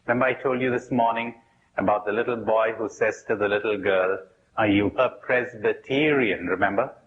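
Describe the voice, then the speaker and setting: A man's voice: lowish voice, flat delivery, brisk, lo-fi sound, a little hiss or hum. A man leading a spiritual workshop, asking questions aloud and telling jokes in acted voices. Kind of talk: live workshop talk.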